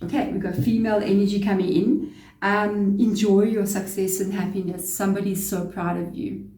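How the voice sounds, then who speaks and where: A woman's voice: mid-range voice, steady tone, moderate pace, mellow, roomy sound. A woman giving a casual tarot reading to camera, chatty and relaying spirit messages. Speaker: tarot reader.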